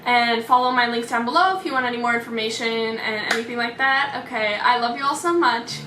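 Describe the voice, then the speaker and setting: A woman's voice: on the high side, brisk, over music. A young woman telling a storytime vlog in a chatty, dramatic way, full of "like" fillers. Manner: chatty, dramatic, many "like" fillers, mimics voices. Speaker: vlogger. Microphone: camera mic. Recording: echoey room, slightly far from mic.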